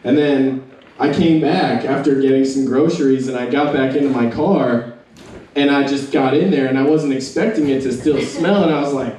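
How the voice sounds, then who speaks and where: A man doing a stand-up set, telling a relaxed story to a small crowd. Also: mid-range voice, normal speed. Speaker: stand-up comedian. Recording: echoey room, distant mic.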